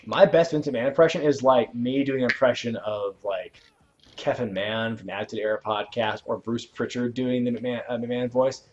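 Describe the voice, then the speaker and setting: A young adult man with a mid-range voice speaks a little fast with fairly even intonation while hosting a game livestream. He rambles casually, chuckling and answering viewers' questions, and the audio from his lo-fi stream mic is dull.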